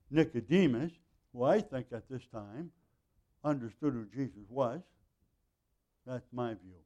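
A middle-aged man teaching a Bible passage verse by verse in a conversational way, with frequent throat clearing and asides. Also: mid-range voice, mellow, muffled recording.

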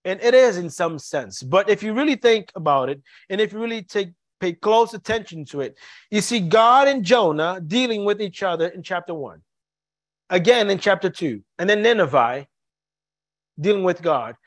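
A man preaching a sermon to his congregation, earnest and halting, often repeating words as he searches for them. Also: high voice, animated, dry recording. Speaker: pastor.

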